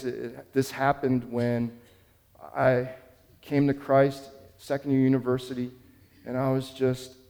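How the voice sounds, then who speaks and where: A man's voice: medium pitch, darkish tone, in a large hall. A man preaching a sermon as pastor, telling a story in an earnest, conversational way.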